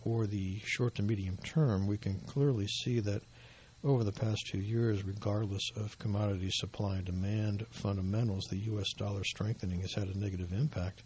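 Hoarse, husky male market commentator, measured and explanatory, low gravelly tone. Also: darkish tone. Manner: measured, explanatory, with dry asides. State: losing his voice.

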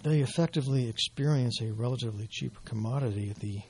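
A man giving financial market commentary in a measured, explanatory way, his voice going hoarse. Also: mid-range voice, darkish tone, slight background noise. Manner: measured, explanatory, with dry asides. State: losing his voice.

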